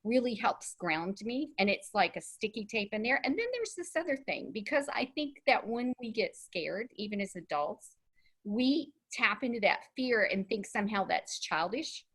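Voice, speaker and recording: A woman's voice: mid-range voice, sing-song, moderate pace, fairly bright tone, slightly rough. A woman in her sixties hosting a podcast interview, chatty and laughing lightly between her points. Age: 60s. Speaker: podcast host. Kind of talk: casual conversational interview.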